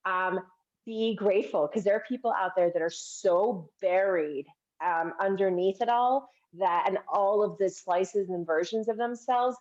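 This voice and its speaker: A woman's voice: mid-range voice, a little slow, a little mellow, muffled recording. A woman guest in an interview, talking casually and enthusiastically with many fillers. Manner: enthusiastic, casual, lots of "like" and "right?". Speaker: guest filmmaker and speaker.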